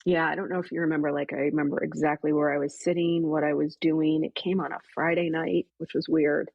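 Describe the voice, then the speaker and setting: A woman's voice: low-pitched, fairly quick, vocal fry, dry recording, muffled recording. A woman, a podcast guest, earnestly retelling an emotional personal story and voicing her own past thoughts. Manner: earnest, animated retelling with quoted inner thoughts.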